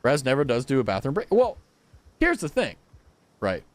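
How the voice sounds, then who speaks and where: A young man streaming a game, chatting casually with his viewers, animated and blunt, swearing freely. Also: medium pitch, normal speed, no room sound. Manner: animated, swearing, talks to chat. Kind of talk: casual live-stream chat.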